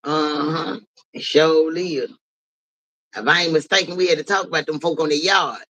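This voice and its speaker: A man runs a casual livestream and answers his viewers' comments out loud. He talks bluntly and swears freely, with an animated edge to his fairly high voice. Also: normal speed, poor audio. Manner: blunt, profane, animated, talks back to chat. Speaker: livestream host.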